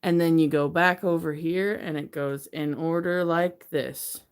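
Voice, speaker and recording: Excitable rambling woman on a phone livestream. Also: sits low, unhurried, clean tone. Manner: rambling, gets hyper and excitable. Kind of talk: casual livestream chat. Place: her messy bedroom. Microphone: phone camera.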